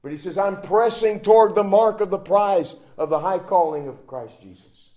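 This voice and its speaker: A man preaching with fervent emphasis, his fairly high voice rising loud and then dropping to a hush. The sound rings around an echoey room. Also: moderate pace, hardly any pauses. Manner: emphatic preaching, swinging from loud exhortation to hushed asides. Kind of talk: sermon.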